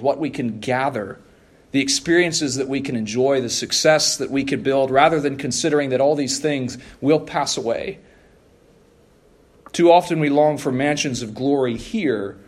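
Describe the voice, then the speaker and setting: A pastor delivering a sermon in an earnest, measured way, repeating key phrases for emphasis and sometimes stumbling over a restart. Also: male voice, mid-range voice.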